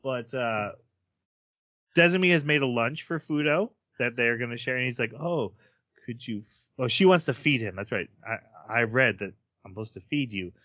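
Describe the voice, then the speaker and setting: Man, podcast co-host, casual plot recap, bright tone, dry sound. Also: mid-range voice, expressive, moderate pace, no echo. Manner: recaps plot, acting out characters' lines.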